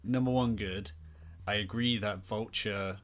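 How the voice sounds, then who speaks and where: A man's voice: fairly low pitch, steady tone, a little slow, a bit bright. A man co-hosting a film podcast, giving dry, wisecracking replies and critiques in casual chat. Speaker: podcast co-host.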